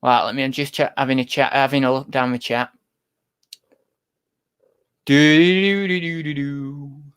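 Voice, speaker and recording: A man's voice: mid-range voice, fairly even intonation, unhurried, fairly bright tone, clear, resonant tone. A young British man hosting a casual livestream, rambling to viewers in the chat. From United Kingdom. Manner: rambling, talks to viewers and to his cat. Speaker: livestream host, online reseller.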